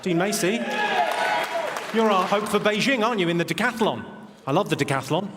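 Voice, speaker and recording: A posh English man delivers dry, deadpan one-liners in a fairly high voice. He speaks into a handheld mic on a big theatre stage, with long reverb and a roaring crowd all around. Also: quick pace, very noisy. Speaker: stand-up comedian. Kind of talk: stand-up routine.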